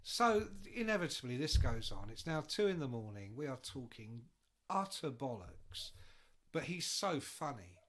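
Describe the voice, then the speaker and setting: A man's voice: medium pitch, moderate pace. A man, co-hosting and telling rowdy stories in casual chat, swearing freely. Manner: animated, swearing, acts out the voices. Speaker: podcast co-host.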